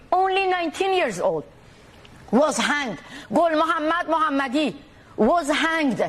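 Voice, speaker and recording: A woman activist from Iran speaking in a TV interview, fervent and indignant. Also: sits high.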